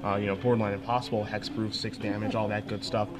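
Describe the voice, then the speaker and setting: A man calling live play-by-play commentary for a card game, excitable and quick to react. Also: fairly low pitch.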